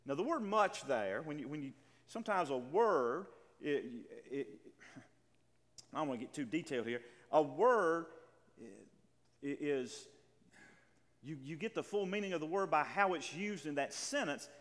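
A man's voice: on the high side, expressive, moderate pace, fairly bright tone. A man preaching a sermon, emphatic and full of stammering restarts, reading scripture aloud with drama. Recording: reverberant hall.

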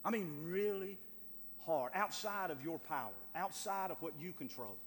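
A man preaching a sermon in a church, building from quiet to loud and fervent. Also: fairly high pitch, lively intonation, moderate pace, big-room sound, a little hiss or hum.

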